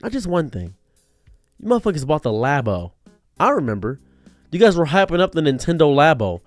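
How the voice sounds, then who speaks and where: A man ranting on a commentary stream, exasperated and profane, swinging between loud outbursts and low muttering. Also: big pitch swings, fairly quick, no echo, faint music behind. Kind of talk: angry reaction rant.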